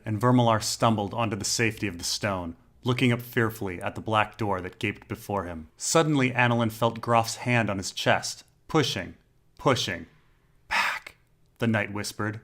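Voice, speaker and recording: Low-pitched male narrator, measured and dramatic, for a dark fantasy audiobook.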